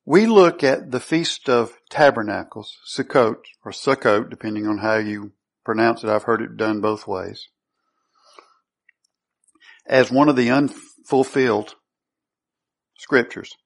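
A man preaches a sermon in a mid-range voice with vocal fry, speaking a little slowly and leaving long pauses. He teaches through scripture, reading verses aloud and then putting rhetorical questions to the congregation that he answers himself.

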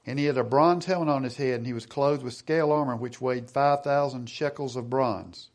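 A middle-aged man preaching a sermon. He reads scripture aloud, asks the congregation questions and slows down for emphasis. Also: mid-range voice, darkish tone. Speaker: pastor.

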